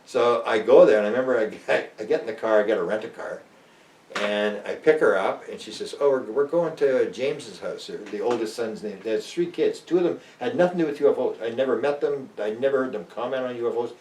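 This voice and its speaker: This older Canadian interview guest, a UFO researcher, is a fast talker telling casual stories. He acts out the characters animatedly with big swings in pitch. The audio has a little hiss or hum and sounds roomy, recorded on a distant mic.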